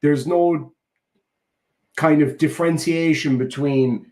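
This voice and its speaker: A man in his thirties rants casually, sarcastic and indignant as he defends his comedy against a critic. His voice sits at an ordinary middle pitch. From Ireland. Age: 30s. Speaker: YouTuber reacting to a critic. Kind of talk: casual rant.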